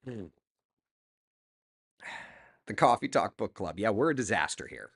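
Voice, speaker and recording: Male host, middle-aged, casual live-stream chatter, reads comments aloud, animated intonation. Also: on the low side, unhurried, creaky, husky.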